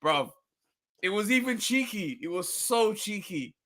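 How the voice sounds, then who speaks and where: High, bright man, excitable. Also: a little slow. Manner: excitable, laughs while telling stories. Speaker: podcast co-host. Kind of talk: casual boxing chat.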